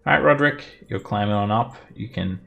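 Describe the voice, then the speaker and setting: A man running a tabletop role-playing game, explaining rules in a relaxed way and chuckling often. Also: lowish voice, a little fast, creaky. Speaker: dungeon master.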